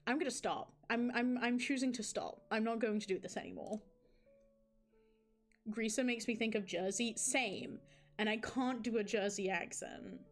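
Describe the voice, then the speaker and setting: A woman's voice: medium pitch, normal speed, soft background music. A woman streamer reading a visual novel aloud and chatting with viewers in a rambling, self-mocking way, with frequent restarts.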